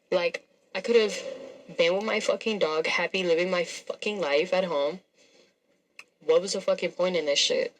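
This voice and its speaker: A woman's voice: lowish voice, rough recording. A young woman telling a story casually, profane and sassy, acting out the dialogue. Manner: profane, animated, sassy retelling with quoted dialogue.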